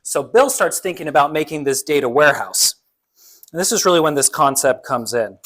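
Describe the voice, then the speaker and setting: A man with a slightly high-pitched voice gives a relaxed conference talk. He speaks conversationally, with a jokey tone, and slips into other people's voices when quoting them. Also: a little fast, low-quality recording. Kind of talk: casual conference presentation.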